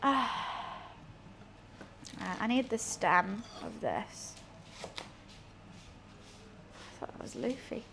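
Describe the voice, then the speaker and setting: Young woman, streamer, higher voice, slow and unhurried, chatty and a bit sweary. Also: very animated, vocal fry, fairly bright tone, a little hiss or hum. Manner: chatty, swears casually, talks to herself. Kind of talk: casual cooking livestream chat.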